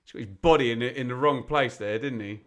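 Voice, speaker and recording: A man from England giving live football commentary on a fan watch-along, chatty and opinionated, with sudden bursts of excitement when chances come. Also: mid-range voice, fast talker. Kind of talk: live football commentary mixed with casual chat.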